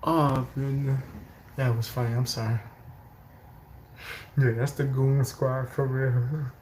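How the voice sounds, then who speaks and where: A man doing casual reaction commentary, laughing hard and wheezing as he tries to hold back loud laughter. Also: medium pitch, takes it slowly, a little hiss or hum, rough recording. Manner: animated, quotes people mid-story.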